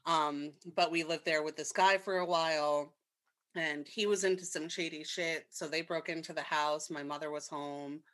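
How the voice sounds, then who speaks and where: Casting note: young woman podcaster, bright slightly low voice, candid swearing storyteller. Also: fairly even intonation. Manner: candid, swears freely, quick asides. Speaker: podcast co-host. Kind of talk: casual storytelling chat.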